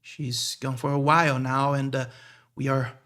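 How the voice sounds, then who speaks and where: A man voicing a calm, reassuring Vistani uncle in a tabletop game. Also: mid-range voice, moderate pace, lightly acted. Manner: soothing, reassuring.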